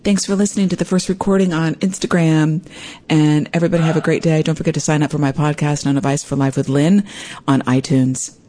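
A woman hosting her own podcast, telling a personal story in a lively way and acting out what people said. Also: sits low, brisk. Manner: animated, acts out quoted voices. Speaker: podcast host.

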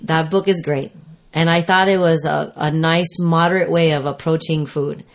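A woman's voice: sits low, steady tone, normal speed. A woman fitness trainer giving casual advice on food and exercise, rambling and correcting herself as she explains.

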